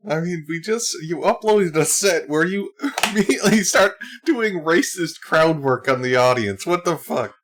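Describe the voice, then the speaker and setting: A man comments live over a video he is watching, his voice a touch on the high side. He breaks into laughter often and throws out incredulous, casual remarks. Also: expressive, normal speed, few pauses, noisy background. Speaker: streamer.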